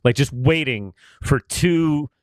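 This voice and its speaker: A man's voice: medium pitch, slow, no echo, clean studio sound. A man co-hosting a political talk podcast, trading jokes in loose, laughing banter. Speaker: podcast co-host.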